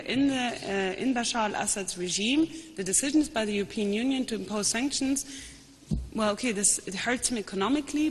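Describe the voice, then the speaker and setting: A woman panelist talks through her analysis in a measured way, often breaking off to restart a sentence. Her voice is slightly husky, and the sound rings with the long reverb of a large conference hall. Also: mid-range voice.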